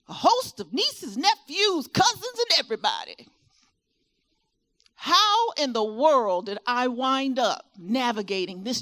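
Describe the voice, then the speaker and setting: A middle-aged woman from Virginia with a Southern accent gives a motivational talk at a caregiver expo, often putting questions to her audience. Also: a little high. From Virginia, USA. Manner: animated, asks the audience questions, rising and falling delivery. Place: expo hall with a live audience.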